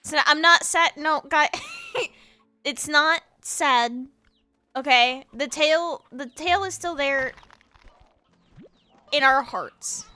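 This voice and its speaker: A young woman from the United States chats with her viewers during a game stream, chaotic and teasing, breaking into laughter often. Her voice sits high and rings bright and sharp. The sound is dry and close, with no room around it. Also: slow, long pauses, no echo. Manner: chaotic, playful, laughs often, teases chat. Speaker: VTuber streamer. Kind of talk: casual live-stream chat with viewers.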